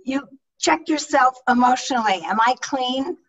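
Energetic woman coaching on a video call. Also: high-pitched, normal speed, recorded from a distance, poor audio. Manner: energetic, emphatic teaching with acted examples. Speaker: public speaking coach. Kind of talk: online leadership talk. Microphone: video call microphone.

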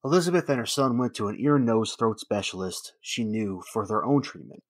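A man giving solemn, steady scripted narration for a documentary. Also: lowish voice, brisk, no echo, studio quality.

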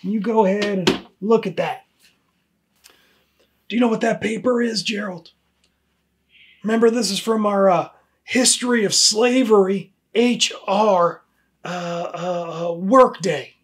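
A man's voice: sits high, unhurried, long pauses. Male actor as an exasperated HR supervisor; dry, pointed, comedy sketch. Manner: dry, pointed, repeats the name.

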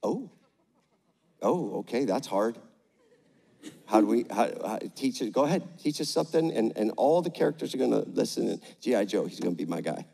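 An older man preaching a sermon on stage, energetic with the crowd and gentle with a child. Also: mid-range voice, brisk, vocal fry. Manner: energetic, rallies the crowd with call-outs; gentle and playful when talking to a child. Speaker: pastor. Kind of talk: sermon with a live demonstration. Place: large church auditorium, on stage. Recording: echoey large church hall.

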